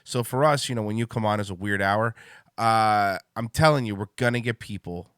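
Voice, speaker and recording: A man hosting a livestream show, chatting casually, excitable and swearing freely. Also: on the low side, moderate pace, clear, resonant tone, no room sound, clean studio sound.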